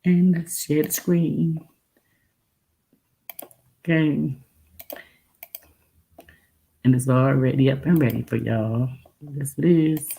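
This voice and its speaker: Slow, gravelly woman streamer mixing Texan and New York. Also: low-pitched, mellow. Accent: mix of Texan and New York. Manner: repeats phrases, laughs often. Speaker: livestream host reacting to a video. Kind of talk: casual livestream chat.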